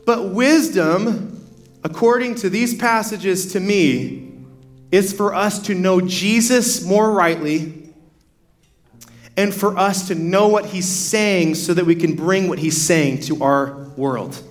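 A man's voice: high voice, slow pace, faint music behind. A young adult man, a pastor, preaching a sermon in a casual storytelling way, full of "like" fillers and restarts.

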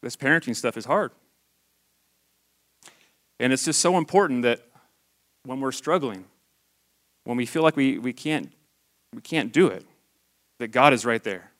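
A man's voice: medium pitch, expressive, moderate pace, pauses often, fairly bright tone. Earnest man giving a church testimony. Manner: earnest, candid, conversational. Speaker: lay church speaker. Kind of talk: personal testimony sermon.

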